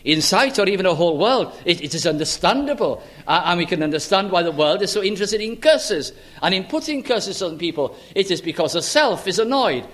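A man preaching a sermon in an earnest, measured way, with frequent stammered restarts. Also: high voice, animated, fairly bright tone.

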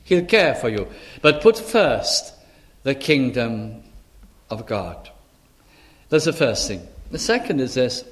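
A man's voice: medium pitch, very animated, slow, pauses often. A male minister preaching a sermon with earnest, pleading rhetorical questions and quotations in old-style scripture wording.

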